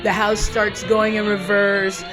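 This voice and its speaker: A woman's voice: medium pitch, level tone, slow pace, music in the background, rough recording. Woman wryly recapping a movie. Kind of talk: casual comedic movie recap.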